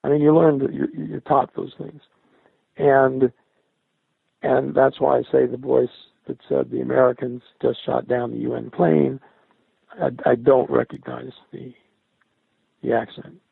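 An older man, a former military radio linguist, recalling his service in a halting interview style, often repeating and restarting words. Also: mid-range voice, little pitch movement, vocal fry, husky, no echo. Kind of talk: recollecting in an interview. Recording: dry, tinny phone-like sound.

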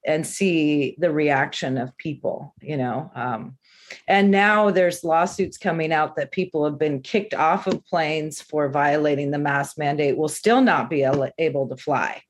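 A woman's voice: low voice, measured pace. A woman in a casual panel discussion, telling a chatty anecdote with frequent fillers.

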